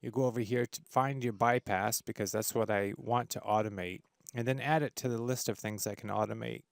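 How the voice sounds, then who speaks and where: A man hosting a casual audio software tutorial, enthusiastic and full of fillers and restarts. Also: mid-range voice, fairly even intonation, a little fast, vocal fry, no echo, studio quality. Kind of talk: screen-recorded software tutorial. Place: home studio with treated room.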